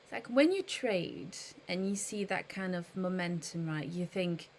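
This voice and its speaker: A woman's voice: on the low side, lively intonation, measured pace, few pauses, a little mellow, a little hiss or hum. A woman live streaming in casual chat, thinking aloud and patiently explaining trading to her viewers.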